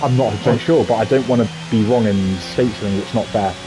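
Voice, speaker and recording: A man with a Scouse accent commentating a sim racing league, excitable and jokey. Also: fast, noisy background. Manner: excitable and jokey, pitch leaping on big moments. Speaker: race commentator.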